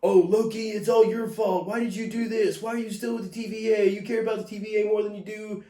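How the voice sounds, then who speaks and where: A man mimicking a shrill nagging woman. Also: steady tone, fast, mellow, lightly acted. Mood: mocking whine. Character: whiny accusing young woman, nagging. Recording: echoey room.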